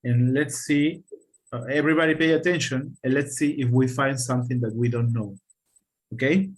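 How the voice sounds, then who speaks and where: A man with a Spanish accent leads an online English lesson, his voice sitting at an ordinary middle pitch. He talks haltingly, stopping for fillers and restarts and checking in with his students as he goes, and he comes through a video call. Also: steady tone, rough recording. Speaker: English teacher.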